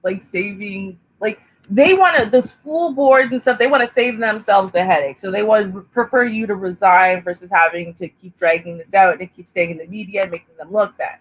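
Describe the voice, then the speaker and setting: A woman co-hosting a casual reaction show, chatty and thinking things through out loud. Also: mid-range voice, normal speed, hardly any pauses, low-quality recording. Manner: chatty, reasoning aloud, laughs often.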